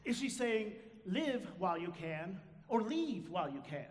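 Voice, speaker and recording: A man's voice: sits high, lively intonation, a little fast, a little hiss or hum. An actor playing a chatty man who narrates and confides in the audience during a live stage musical, rambling with wry asides. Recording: echoey theater hall from afar.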